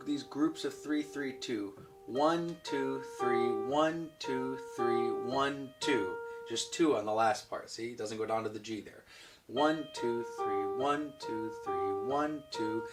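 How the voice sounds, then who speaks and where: Man teaching piano, counting beats aloud. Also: mid-range voice. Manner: patient, counting beats aloud while demonstrating. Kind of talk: online piano lesson. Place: room with a piano. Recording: recorded from a distance with piano playing.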